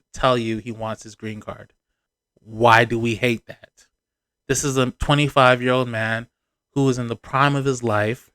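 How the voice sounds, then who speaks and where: A man giving sarcastic, animated commentary on a reality TV show in a casual vlog, with punchy emphasis on his points. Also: medium pitch, clean tone, no echo, clean studio sound.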